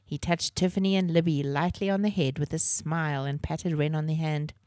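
Low-voiced woman reading a children's story. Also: fairly even intonation, normal speed, darkish tone, no room sound, clean studio sound. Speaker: podcast host and reader.

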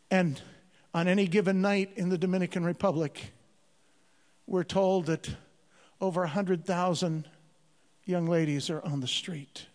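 A high-pitched man speaks as a missionary, telling his story with earnest conviction and stumbling repeats. His voice rings through a large hall with long reverb, as if addressing a gathered crowd. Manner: earnest, repeats words when stressing a point. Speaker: Christian missionary. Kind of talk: storytelling testimony to an audience.

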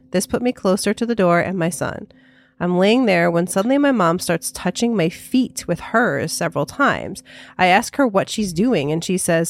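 A woman co-hosting a podcast, reading a listener's ghost story in a soft, measured way and then chatting casually. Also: fairly low pitch, dry recording, clean studio sound. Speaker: podcast co-host.

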